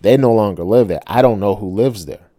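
A middle-aged man, a self-published author, telling a personal story in a casual monologue, animated and swearing with many rhetorical asides. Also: on the low side, brisk, no room sound, studio quality.

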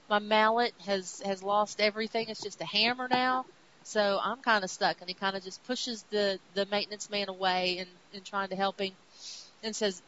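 A woman co-hosting a podcast, casually recapping comic stories with lively retellings of what the characters say. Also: medium pitch, brisk. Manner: animated retelling, quoting characters in her own voice. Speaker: podcast co-host. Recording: dull lo-fi audio with faint hiss.

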